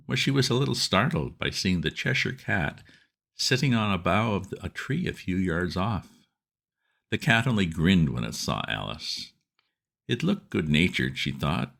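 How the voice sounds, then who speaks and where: A man reading a classic storybook aloud as narrator, lively and expressive. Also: low voice, unhurried, vocal fry.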